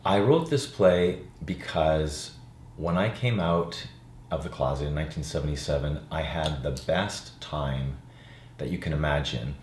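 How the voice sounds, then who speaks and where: An older man with a very low voice speaks in a relaxed, reflective way, often pausing on fillers. His voice sits in a roomy space with a faint hum of ambience behind it. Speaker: actor and playwright. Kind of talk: interview chat.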